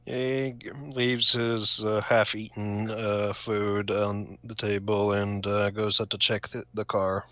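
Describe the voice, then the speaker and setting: A man playing a tabletop game, describing his character's actions hesitantly with many pauses. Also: on the low side, level tone, sharp tone, dry recording, muffled recording. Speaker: player. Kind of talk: casual tabletop game play.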